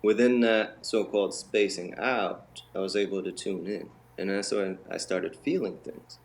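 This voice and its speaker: A man with a lowish voice tells a long personal story as an interview guest. He talks in an animated, conversational way and slips into the voices of the people he quotes. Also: measured pace. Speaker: interview guest, bodywork healer.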